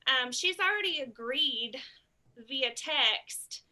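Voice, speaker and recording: A woman's voice: high-pitched, animated, slow pace, bright, forceful tone. A woman giving booking tips in a casual group chat, bubbly, laughing often and thinking aloud.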